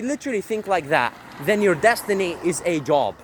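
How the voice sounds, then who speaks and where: A man's voice: high voice, very animated, fairly quick, slight background noise, low-quality recording. A man vlogging while walking along a street outdoors, ranting in a brash, profane, boastful way. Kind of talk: walking vlog rant.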